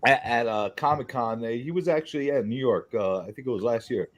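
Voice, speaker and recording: A man's voice: medium pitch, brisk. A man in casual chat, telling a heated story full of swearing and mocking re-enactments.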